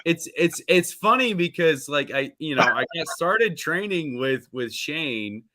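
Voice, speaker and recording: Male wrestler, podcast guest, forceful bright tone, deadpan delivery, very dry close sound. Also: fairly high pitch, a little slow, no room sound. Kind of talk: casual podcast chat.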